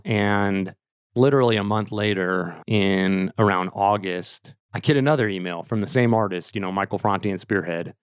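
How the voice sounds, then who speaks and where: A man's voice: on the low side, smooth, no room sound, clean studio sound. A man in his thirties hosting a podcast, telling a personal family story in an earnest, emotional way, full of casual fillers. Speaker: podcast host.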